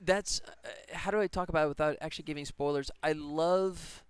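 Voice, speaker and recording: A man's voice: a little high, fairly even intonation, fairly quick, clean tone. A man chatting casually on a live stream while working on a game, rambling and laughing as he talks. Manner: rambling, enthusiastic, laughs often.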